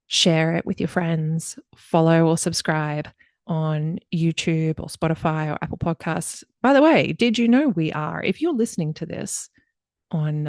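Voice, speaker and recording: A woman's voice: lowish voice, a little mellow, no echo, clean studio sound. A woman hosting a podcast, introducing her guest in a chatty, enthusiastic way. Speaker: podcast host.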